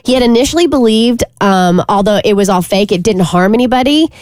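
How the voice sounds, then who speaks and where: A woman co-hosting a radio talk show, presenting a segment in a brisk, informative, chatty way. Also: mid-range voice, expressive, darkish tone, no room sound, studio quality.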